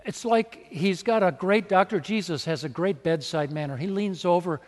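A man preaches to his congregation in a loose, animated way, slipping into little acted-out scenes. His voice sits a little high. The sound carries the long reverb of a church hall. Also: normal speed. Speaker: pastor. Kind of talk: sermon.

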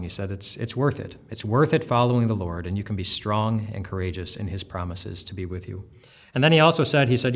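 A man, a pastor, giving an earnest, conversational devotional talk that often restarts its phrases. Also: on the low side. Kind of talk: devotional teaching.

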